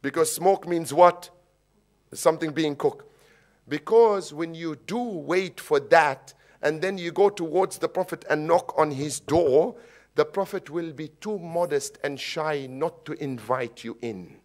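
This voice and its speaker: A man giving a sermon in English, telling stories and mixing in Arabic religious phrases, building to loud emphatic peaks. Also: a little high, unhurried. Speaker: sheikh giving a religious lecture. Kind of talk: sermon with storytelling. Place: mosque or Islamic centre hall.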